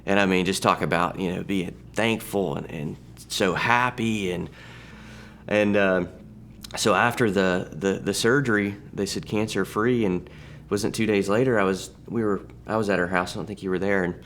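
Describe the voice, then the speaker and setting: A man in his thirties with a very low, gravelly voice tells a personal story. He speaks conversationally, often circling back and restarting his sentences. A faint hum sits underneath the recording. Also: steady tone, moderate pace, a bit bright. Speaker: church testimony speaker. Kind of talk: personal testimony.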